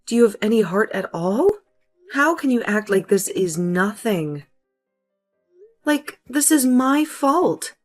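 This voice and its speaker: A woman's voice: on the high side, sing-song, slow, faint music behind, heavily acted. A woman playing a grieving, wounded wife. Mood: outraged. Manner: pleading, hurt, accusing.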